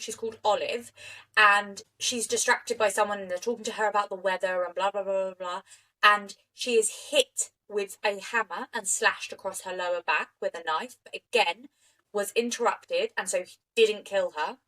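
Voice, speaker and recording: A woman co-hosting a podcast, telling a true crime story in an animated, indignant way. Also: mid-range voice, poor audio. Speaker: podcast co-host.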